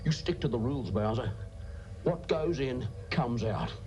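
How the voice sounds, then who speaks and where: An actor playing a gruff, bossy male sewage worker on a spaceship who scolds and drops his voice low on insults. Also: animated, unhurried, close to an everyday voice. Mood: scolding.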